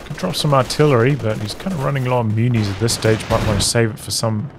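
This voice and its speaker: A man giving calm, analytical play-by-play commentary on a strategy game match. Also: medium pitch, fast talker, over music. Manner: calm, analytical, even-paced. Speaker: game caster. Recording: commentary over loud game sound. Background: gunfire, artillery and vehicles.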